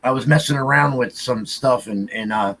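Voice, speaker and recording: A man co-hosting a podcast livestream chats loosely and repetitively, restarting often and repeating himself. His voice is medium-pitched, creaky and fairly bright, at normal speed, on poor audio.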